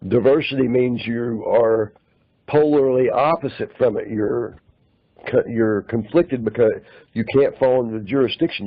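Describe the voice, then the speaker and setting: A man calling in and lecturing on legal points, citing articles and clauses in a measured way. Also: mid-range voice. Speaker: caller. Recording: muffled lo-fi call audio.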